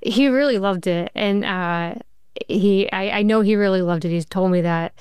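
A woman, a TV writer, answering interview questions in an animated storytelling way, acting out quoted dialogue and saying "like" a lot. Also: medium pitch, moderate pace, clean tone, dry recording. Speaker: TV writer and showrunner guest.

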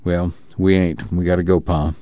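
Audiobook figure: blunt young rural man, read by a man, low and dry. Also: flat delivery, moderate pace, mellow, no room sound, highs cut off, natural voice. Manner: plain rural speech.

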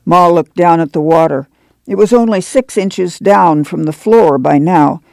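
Seorang wanita membacakan narasi buku audio dengan tempo terukur. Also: female voice, fairly low pitch, a little slow, creaky, darkish tone, dry recording. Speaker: audiobook narrator. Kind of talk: scripted narration.

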